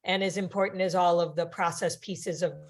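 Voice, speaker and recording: A woman facilitating a meeting on a video call, calmly steering the discussion back to procedure. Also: on the low side, brisk.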